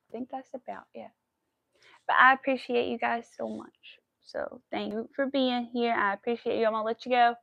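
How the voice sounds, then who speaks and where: A woman's voice: fairly high pitch, gravelly, no room sound, muffled recording. A woman in her thirties hosting a crochet live stream, emotional and near tears, rambling with many fillers. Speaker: crochet livestream host. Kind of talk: casual live stream chat.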